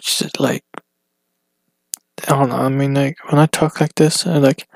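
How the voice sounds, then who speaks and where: A man talking alone on his podcast in a rambling, casual way, halting often and restarting his sentences. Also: mid-range voice, little pitch movement, gravelly, no echo. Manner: hesitant, halting, full of restarts and fillers. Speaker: solo podcaster. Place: at home.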